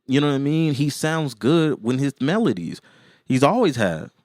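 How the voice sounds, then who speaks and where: A man's voice: medium pitch, sing-song, normal speed, a little mellow, dry recording, clean studio sound. A man co-hosting a podcast in loose casual chat, rambling with lots of fillers and restarts. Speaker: podcast co-host.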